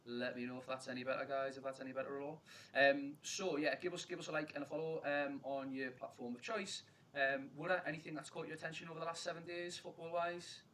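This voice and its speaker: A man's voice: a little high, steady tone, fast talker, a bit bright, slight background noise, low-quality recording. A man hosting a casual live football chat stream, bantering in a matey way with plenty of ums. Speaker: podcast host.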